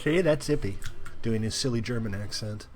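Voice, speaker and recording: A young man hosting a live game stream, chatting playfully with bursts of loud cheering. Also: fairly low pitch, moderate pace, faint music behind.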